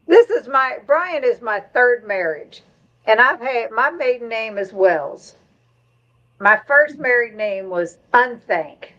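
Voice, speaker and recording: A woman's voice: fairly high pitch, fairly bright tone. Middle-aged lady hosting a live stream, chatty, reads out comments, kinda dull lo-fi audio. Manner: chatty, reads viewer comments aloud, laughs often. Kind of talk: casual chat reading comments.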